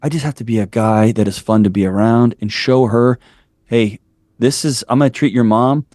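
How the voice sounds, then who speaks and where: A man's voice: medium pitch, fairly even intonation, normal speed, warm tone, no room sound, studio quality. A man in his forties, a podcast guest, talking candidly and bluntly, building his points up with preacher-like fervor. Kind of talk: candid interview storytelling.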